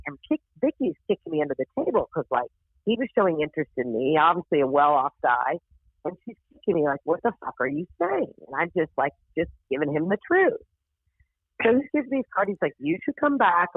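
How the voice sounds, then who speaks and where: A woman stand-up comedian, a podcast guest, telling a story in casual chat. She is animated, swears freely, and acts out the voices of the people in her story. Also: sits low, quick pace, slightly rough, dry recording. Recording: tinny phone-like audio.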